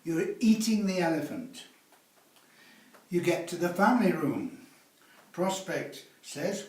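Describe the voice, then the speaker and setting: A man's voice: sits high, big pitch swings, slow, pauses often, a little mellow. A man teaching a sales class, lecturing with teasing rhetorical tag questions. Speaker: sales instructor. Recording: roomy, from a distance.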